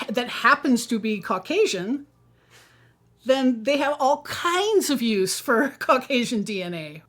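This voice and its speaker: A woman interviewed for a documentary, reasoning aloud and explaining a theory. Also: on the high side. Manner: animated, reasoning aloud with questions.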